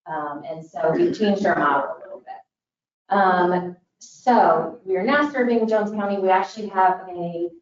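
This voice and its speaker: A woman from Northern Indiana with a northern US accent, giving an earnest public forum presentation for a disaster recovery group, with many "um" fillers. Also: on the low side. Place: large meeting room. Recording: echoey hall, distant, dull mic.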